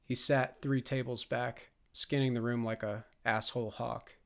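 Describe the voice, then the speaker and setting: A man reading scripted audiobook narration in a measured, grave manner. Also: medium pitch, little pitch movement, creaky, a bit bright.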